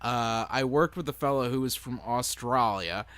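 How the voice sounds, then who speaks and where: A man's voice: medium pitch, normal speed, a bit bright, clear, resonant tone, dry recording. A man with a Canadian accent co-hosting a casual podcast, playful and jokey as he tells stories. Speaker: podcast co-host. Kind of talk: casual chat.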